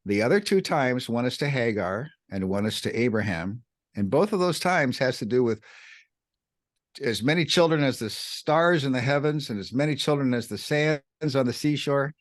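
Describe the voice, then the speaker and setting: A man co-hosting a podcast, teaching the Bible in an animated way, swinging his pitch up and down to stress words. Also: moderate pace. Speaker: podcast co-host.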